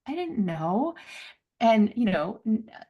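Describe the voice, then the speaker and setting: A middle-aged woman telling a personal story as an interview guest, laughing often and acting out voices with big jumps in pitch. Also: big pitch swings, slow pace, lo-fi sound. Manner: laughs often, many fillers.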